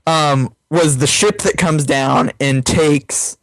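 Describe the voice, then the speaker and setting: A young man co-hosting a casual film podcast, his voice a bit higher than most. He relaxes into retelling his own reactions. The recording is close and dry. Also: slow pace, gravelly, no room sound, poor audio. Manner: relaxed, storytelling with quoted reactions. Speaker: podcast co-host.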